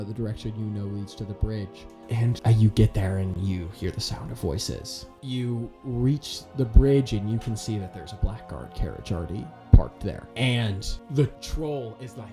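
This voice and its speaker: A man narrating a tabletop game as game master in a casual style, with frequent fillers and laughter. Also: medium pitch.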